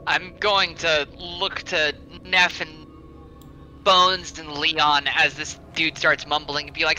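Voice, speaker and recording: A man talks through his moves as a player in a tabletop game, casual and quick to swear. His voice is high and very bright. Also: flat delivery, faint music behind, poor audio. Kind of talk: casual play chat.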